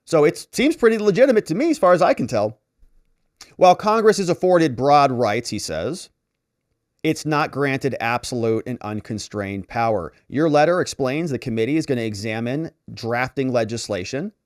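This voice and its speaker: A man's voice: mid-range voice, expressive, normal speed, dry recording, clean studio sound. A man giving casual legal commentary, sarcastically reading out and mocking letters. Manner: sarcastic, mocking voices when paraphrasing letters. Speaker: lawyer commentator.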